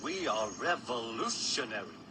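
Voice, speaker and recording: A man's voice: mid-range voice, very animated, normal speed, noisy background, lightly acted. Man doing an oily, smug diesel engine. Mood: oily, polite. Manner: smooth, falsely polite, boastful. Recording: loud background music.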